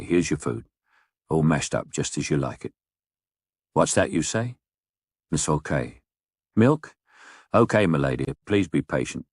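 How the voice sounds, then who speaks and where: A middle-aged man, telling a comic story in a dry, wry, deadpan way with mock-indignant asides. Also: very deep voice, no room sound. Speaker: narrator.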